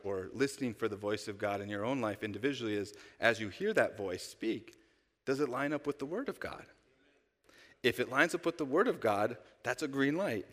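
A man's voice: medium pitch, fairly bright tone. Man preaching in an echoing church. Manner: conversational preaching with rhetorical questions. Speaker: pastor. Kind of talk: sermon. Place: church sanctuary. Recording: long church-hall reverb.

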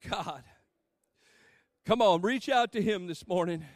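A man's voice: sits high, dry recording, studio quality. A man preaching a sermon in church, acting out scripture scenes with playful dialogue and building to a fervent call to prayer. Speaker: pastor.

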